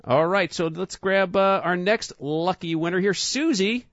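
A man's voice: high voice, measured pace, fairly bright tone, dry recording. A man with a New York accent hosting a radio show, chatting casually and teasing his guests and callers. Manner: joking, teasing. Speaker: radio host. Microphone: studio microphone. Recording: slightly muffled dry studio sound.

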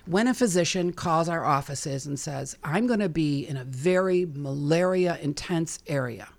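Gravelly woman chatting animatedly. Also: sits low. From Chicago, USA. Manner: chatty and animated, quick asides, frequent fillers. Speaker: guest, bug repellent maker. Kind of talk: casual interview talk.

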